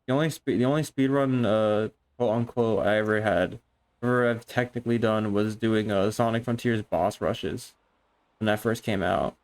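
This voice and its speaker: Chatting casually on a live stream, a young man with a voice on the low side speaks at a moderate pace. He's excitable and rambling, swears often, and keeps restarting his sentences.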